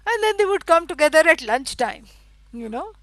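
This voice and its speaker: A middle-aged woman teaching a scripture lecture. She explains at length, fills pauses with "you know" and stresses words for emphasis. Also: very high-pitched, big pitch swings, a bit bright, dry recording, poor audio. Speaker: Vedanta teacher.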